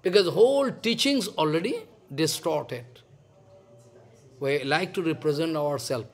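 A man's voice: fairly high pitch, animated, measured pace, creaky. Older man giving an emphatic devotional lecture. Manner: broken English, repetitive, emphatic. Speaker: spiritual teacher.

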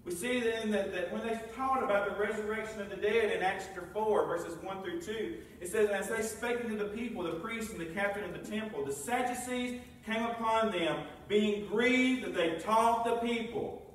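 A man's voice: sits high, moderate pace, few pauses, fairly bright tone, slight background noise. A man preaching a sermon, reading scripture aloud and asking the congregation questions. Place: church sanctuary. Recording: very echoey room, mic far off.

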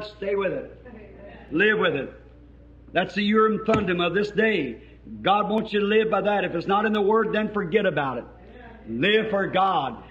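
A man with a Southern American accent preaching a sermon with fervent emphasis, recorded on old tape. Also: sits high. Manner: fervent, rising to shouts, then soft prayer. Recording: dull lo-fi archival tape.

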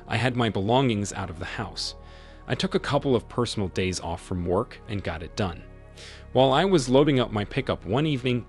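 A man narrating a dramatic first-person story in an expressive storytelling manner. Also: fairly low pitch. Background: faint music.

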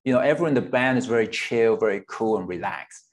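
A Hong Kong guitarist in his 40s, appearing as a guest in a casual interview, talks candidly at a quick pace in a lowish voice. He swears now and then and laughs between thoughts.

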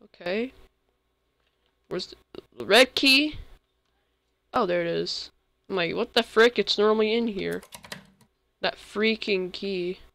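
A young male gamer giving rambling, excitable commentary while playing, often breaking into sudden outbursts. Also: high-pitched, slow pace, creaky, long pauses, dry recording. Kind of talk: game commentary. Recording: faint music behind.

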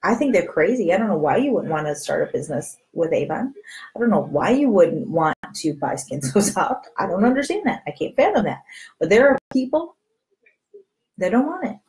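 Animated woman coaching a sales team. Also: on the low side, normal speed, poor audio. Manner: animated, acts out quoted friends with voice changes; candid, chatty, repeats catchphrases. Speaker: direct sales team leader. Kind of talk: motivational sales coaching to camera.

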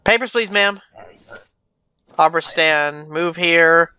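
A man's voice: fairly high pitch, takes it slowly, sharp tone, clear, resonant tone. A man giving casual let's-play commentary, reading documents aloud and muttering asides to himself. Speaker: gaming YouTuber.

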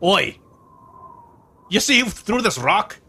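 A man voicing a wary, gruff male guard who speaks bluntly. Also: high-pitched, big pitch swings, slow, bright, forceful tone, pitched above the performer's own voice, exaggerated voice.

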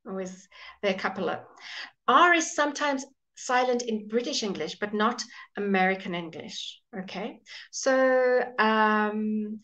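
A woman teaching English pronunciation in a live online class. She says each example word slowly, repeats it, and greets viewers by name as she goes. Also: mid-range voice, a bit bright. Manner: models words slowly and repeats them.

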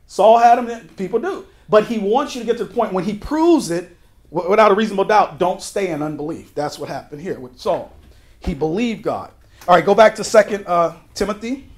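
A male pastor teaching verse by verse through a Bible book, talking conversationally with folksy asides and quick shifts between emphatic and quiet delivery. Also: high-pitched, expressive. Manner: emphatic, with sudden drops to a quiet voice.

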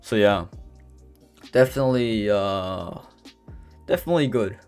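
A man's voice: fairly low pitch, animated, measured pace, a little mellow, clear, resonant tone. A man giving a casual gameplay voice-over, rambling with many fillers and restarts and openly stumbling over his words. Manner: says he is stuttering and can barely speak. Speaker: gameplay commentator. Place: voice-over recorded apart from the footage. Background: faint background music.

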